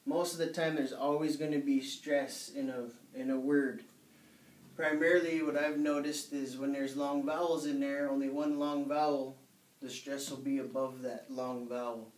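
Male teacher, casual explanatory delivery, recorded at a distance with room echo. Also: medium pitch. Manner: relaxed, explanatory, with hesitations. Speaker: language teacher. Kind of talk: casual spoken lesson. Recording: echoey room, mic at a distance.

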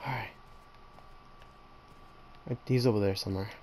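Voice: medium pitch, fairly even intonation, unhurried, a little mellow, slight background noise. Jumpy slangy horror game player. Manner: jumpy, talks to the monsters, slangy; bursts into panicked repeated screams. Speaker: gamer playing a horror game. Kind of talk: horror gameplay commentary.

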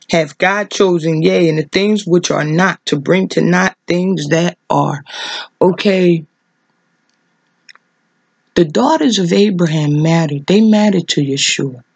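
A woman preaching fervently in a vlog, hammering home repeated rhetorical questions as her voice leaps high with emotion. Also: breathy edge, no echo.

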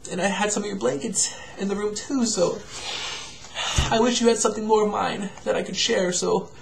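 A man, a father, gently reading a picture book aloud to his young daughter and then speaking to her in a soft, hesitant way at home. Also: sits high, creaky, noisy background. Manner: gentle, soft and hesitant, with many pauses and fillers. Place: at home, indoors.

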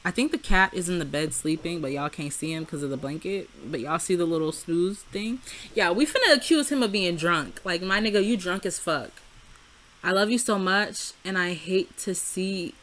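A young woman giving casual, profane commentary over her life-sim game, chatty and frank, and loud and heated when she rants. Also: on the low side, lively intonation, a little fast. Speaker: Sims let's play creator. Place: home room.

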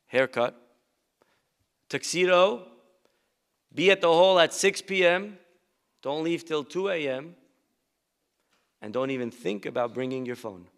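A man's voice: a little high, lively intonation, measured pace, vocal fry, pauses often. A man doing a stern instructing mother. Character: stern middle-aged mother, firm.

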